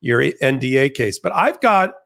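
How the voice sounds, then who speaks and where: A man as a legal commentator guest in a conversational interview, explaining points in an animated, argumentative way with frequent restarts. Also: medium pitch, normal speed, creaky.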